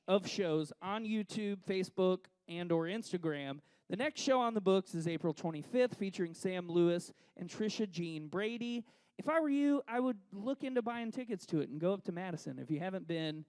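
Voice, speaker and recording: Brash, lively man hosting. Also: sits high, clear, resonant tone. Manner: loud, brash, profane joking. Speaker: host. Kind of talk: comedic live show hosting. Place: bar stage before a live audience. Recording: live venue, crowd audible.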